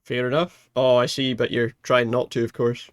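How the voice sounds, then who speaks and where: A man chatting in a relaxed, rambling way as he streams a video game. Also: medium pitch, moderate pace, clear, resonant tone. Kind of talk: casual let's play commentary.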